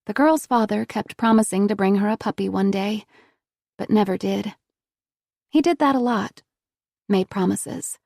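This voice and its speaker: A woman reading a thriller audiobook in a steady, measured voice on a close studio mic. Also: medium pitch, gravelly, no echo. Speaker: audiobook narrator. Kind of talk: scripted narration.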